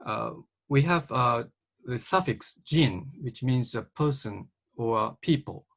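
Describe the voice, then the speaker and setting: Gravelly man asking a question. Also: medium pitch, expressive, fairly bright tone. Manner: careful, halting, with many fillers and restarts. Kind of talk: academic Q&A question.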